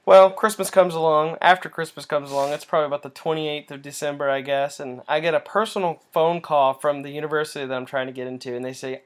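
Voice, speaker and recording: A young man getting over a cold, giving an earnest, halting personal faith testimony with many restarts. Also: a little high, steady tone. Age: young adult.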